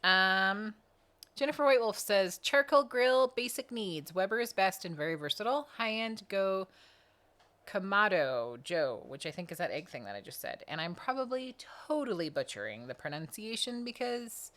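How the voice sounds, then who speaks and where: A woman's voice: animated, moderate pace, a bit bright. Yawny woman reading super chats on a livestream, chatty and playful, bursts into sing-song dings. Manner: chatty, sings playful high dings for donations. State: sleepy, yawning. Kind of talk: casual live-stream chat.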